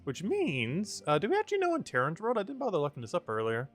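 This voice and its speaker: A man's voice: high voice, huge pitch swings, fast, faint music behind. A man streaming a game, rambling casually with many fillers and frequent laughter. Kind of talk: casual game livestream commentary.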